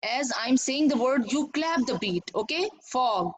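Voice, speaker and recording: This woman teacher, speaking with a Pakistani English accent, walks through a recorded lesson step by step, repeating points and questioning her students. Her high-pitched voice is expressive, slightly slow and a bit rough, and the recording quality is low.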